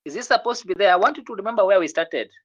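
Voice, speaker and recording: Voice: mid-range voice, animated, a bit bright. Patient teacher drilling French sounds, muffled. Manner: patient, encouraging, repeats words slowly for drilling. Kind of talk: online language lesson with students.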